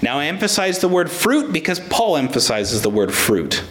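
A man's voice: a little high, very animated, normal speed, fairly bright tone. A man preaching a sermon to a congregation, emphatic, asking rhetorical questions and restarting words as he searches for them. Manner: addresses congregation members by name. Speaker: pastor.

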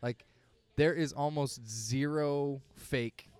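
A young man appears as a comedian guest on a casual podcast. He talks frankly and rambles, stopping and restarting his sentences as he goes. His voice sits at an ordinary middle pitch. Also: steady tone, takes it slowly, darkish tone, smooth, no room sound. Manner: candid, rambling, hesitant restarts. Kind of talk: casual chat.

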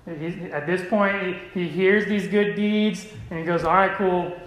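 High-voiced preacher in an echoey hall. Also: male voice, a little slow. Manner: preaching, calls out to the congregation. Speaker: pastor. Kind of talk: sermon.

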